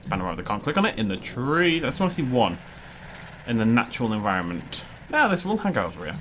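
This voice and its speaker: A man's voice: medium pitch, sing-song, quick pace, fairly bright tone, a little hiss or hum. A young man from Wales, hosting a casual let's-play, rambling and joking with frequent laughs. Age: young adult. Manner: rambling and jokey, laughs often. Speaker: gaming video host.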